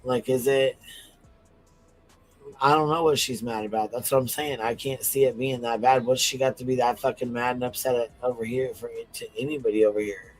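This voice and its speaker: A man's voice: mid-range voice, steady tone, a little fast, soft background music, rough recording. Rambling profane man on a livestream panel. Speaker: panel guest. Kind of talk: casual livestream chat.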